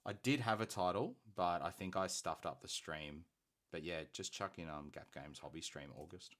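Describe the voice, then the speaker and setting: A man's voice: sits low, moderate pace, a bit bright. An Australian man hosting a hobby painting live stream, chatty and rambling as he thinks aloud. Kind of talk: casual live-stream chat.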